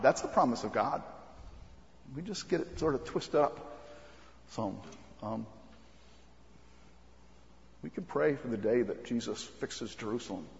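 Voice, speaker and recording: A man preaching a sermon as pastor, earnest and halting, with frequent ums and restarts. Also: mid-range voice, creaky. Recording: muffled recording with long hall reverb.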